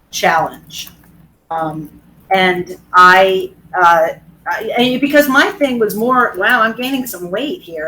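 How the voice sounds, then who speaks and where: A woman's voice: lowish voice, a bit bright, slight background noise, poor audio. A woman fitness professional talking casually in a webinar, chatty and candid, acting out voices in her stories. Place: video call.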